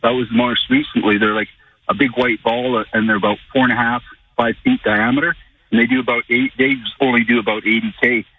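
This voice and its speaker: A man from Canada calling in to a radio talk show, telling a long, halting story. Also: mid-range voice, fairly even intonation, no room sound. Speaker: caller. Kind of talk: phone-in call. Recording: tinny distant phone line.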